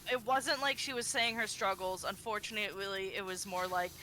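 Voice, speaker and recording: A woman streamer in casual chat, telling stories with lots of energy and acting out quotes in a higher voice. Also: normal speed, over a noisy crowd. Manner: animated storytelling, acts out quotes in a high voice.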